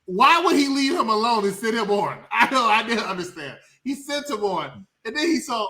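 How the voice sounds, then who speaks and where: A man co-hosting a casual movie review podcast. He talks in an animated way, laughs often and swears freely. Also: high voice, normal speed, hardly any pauses. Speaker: podcast co-host.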